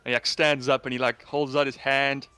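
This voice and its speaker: A man's voice: medium pitch, little pitch movement, a little fast, bright, forceful tone, clear, resonant tone. A man running a tabletop game as game master, narrating in a loose, chatty way over a call. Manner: loose, chatty, with many fillers and repeats.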